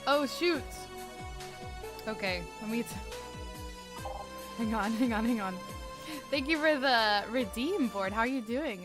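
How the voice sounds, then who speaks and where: A woman's voice: fairly high pitch, a little slow, pauses often, music in the background. A young woman streaming live and chatting casually with viewers. She rambles, fills her talk with "like" and often restarts her sentences. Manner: rambling, heavy use of "like", frequent restarts.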